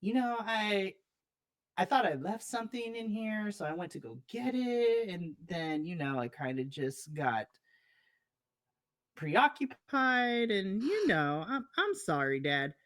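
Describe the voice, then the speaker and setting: A woman's voice: medium pitch, big pitch swings, takes it slowly, fairly bright tone, voice pushed up. A woman voicing a young boy, a magician's assistant, who talks hesitantly with many fillers. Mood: sheepish. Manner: sheepish and hesitant, full of fillers.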